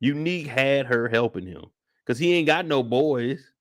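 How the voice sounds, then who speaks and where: A young man hosting a casual live after-show, talking in loose slang and acting out reactions with sudden loud outbursts. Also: mid-range voice, moderate pace. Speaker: host.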